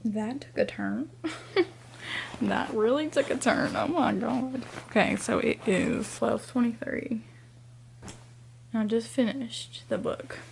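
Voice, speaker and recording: A young woman chatting casually to camera about her reading, tired and sleepy late at night, often dropping to a hushed near-whisper so her family won't hear. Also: on the high side, takes it slowly, gravelly, long pauses, a little hiss or hum. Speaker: book vlogger. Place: home at night with family nearby.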